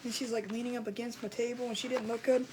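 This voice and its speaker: A middle-aged woman with a fairly high voice talks in a rambling, colloquial way, like a craft host chatting with viewers. She gets animated when she tells a story. There is a faint hiss of noise behind her. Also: fast talker. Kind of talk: casual storytelling chat.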